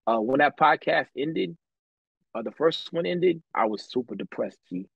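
Husky man telling wild stories. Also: a little high, expressive, moderate pace, lo-fi sound. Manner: slangy, profane, laughs often. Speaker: podcast guest telling his story. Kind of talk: casual chat, storytelling.

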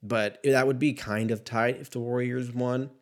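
A man's voice: mid-range voice, steady tone, normal speed. A man in his thirties ranting casually about basketball in a rambling, profane, self-mocking way. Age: 30s. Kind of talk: casual solo sports rant.

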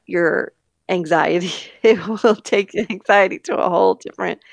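Woman, podcast co-host, candid animated storyteller, close dry mic. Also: fairly low pitch, normal speed, creaky, no echo. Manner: animated, candid, laughs between sentences. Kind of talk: casual storytelling chat.

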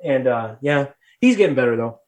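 A young adult man hosting a podcast, telling a story in a lively, profane, casual way. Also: medium pitch, normal speed. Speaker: podcast host.

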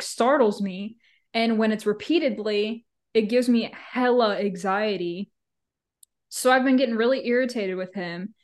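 A woman co-hosting a podcast in casual chat, blunt and swearing freely, laughing often. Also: medium pitch. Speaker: podcast co-host.

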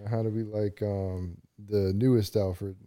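Brief: warm low-voiced man, relaxed podcast co-host, close dry sound. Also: unhurried, no echo. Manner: laid-back, agreeable, often backs up the others. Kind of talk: casual chat.

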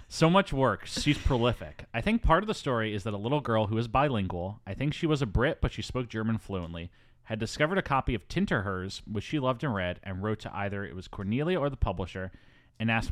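A man's voice: lowish voice, no room sound, studio quality. A man hosting a casual movie podcast, chatty with frequent ums and asides. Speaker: podcast host.

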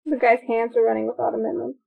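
A chatty, excitable woman co-host reacts to a film and reads out her notes. Her voice sits fairly high with a gravelly fry. The sound is thin and tinny, like a phone line. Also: fast talker. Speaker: podcast co-host. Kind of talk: casual movie-watching chat.

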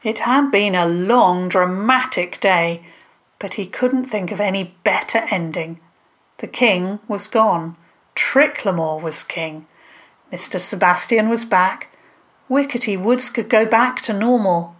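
A woman, a storyteller, narrating a scripted children's story calmly and clearly. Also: medium pitch, slow pace.

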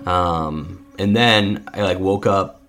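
Podcast co-host, low male voice, lively storyteller who acts out quotes, soft music under. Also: slow. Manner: animated storyteller acting out quotes, many fillers. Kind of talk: casual storytelling.

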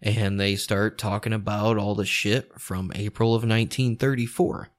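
A laid-back male storyteller with a lowish voice who tells the tale like a chat with friends. He swears freely and chuckles often. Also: moderate pace, hardly any pauses. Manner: relaxed, profane, chuckling often. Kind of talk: casual storytelling.

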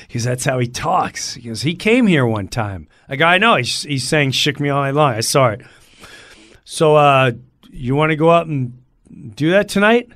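A middle-aged male comedian telling an animated story as a guest, acting out other people's voices in the quotes. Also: medium pitch, normal speed, no room sound, studio quality.

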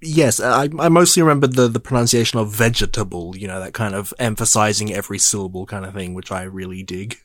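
A man's voice: lowish voice, quick pace, few pauses, fairly bright tone, no echo. A man co-hosting a casual movie chat, hesitant and stammering with dry jokes. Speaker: podcast co-host.

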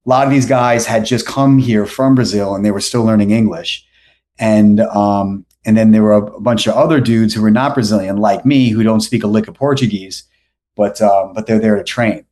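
A podcast guest from New York tells a meandering, casual story, stopping to restart and dropping plenty of fillers. His voice is on the low side and darkish in tone, delivered steadily at a moderate pace.

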